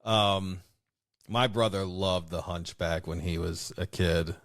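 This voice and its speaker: Man, lower voice, dry close sound, relaxed podcast chat. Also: slow, dry recording. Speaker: podcast co-host. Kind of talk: casual chat.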